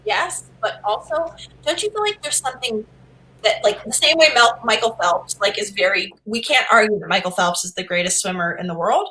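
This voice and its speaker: Woman host, teasing and playful, bright voice that swings in pitch. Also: lively intonation, normal speed, slight background noise, poor audio. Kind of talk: casual chat.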